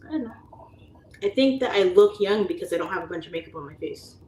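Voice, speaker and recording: A woman's voice: lowish voice, expressive, brisk, a little mellow. A woman in her late thirties hosting a livestream, casually chatting and reading viewer comments aloud, laughing often. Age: 30s. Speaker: livestream host. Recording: echoey room with faint ambient noise.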